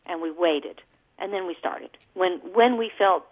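A woman's voice: lowish voice, unhurried. A woman singer and guest, talking in a chatty storytelling way during a radio interview by phone. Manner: chatty, warm storytelling with laughs. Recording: tinny phone line.

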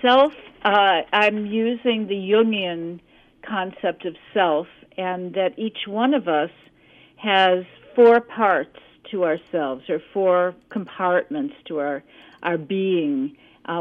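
A woman author talks slowly and thoughtfully, pausing on fillers as she explains her ideas. Her voice comes through a thin, tinny phone line. Her pitch sits in an ordinary middle range. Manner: slow, thoughtful, with many fillers. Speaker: author being interviewed. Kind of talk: interview conversation.

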